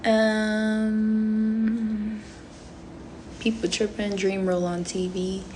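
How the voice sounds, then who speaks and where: This reality show contestant drawls her words in a mid-range, slightly mellow voice that barely moves in pitch. Livestreaming from her phone, the young woman rambles playfully through viewer comments, leaning hard on "um" and "like." Slight hiss or hum is audible.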